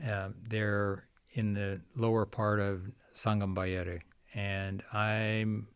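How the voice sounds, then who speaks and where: Appearing as a podcast guest, this middle-aged founder of a water nonprofit meanders through a lengthy story, frequently repeating what others said. He speaks slowly in a low, level, smooth voice, and the recording has no echo.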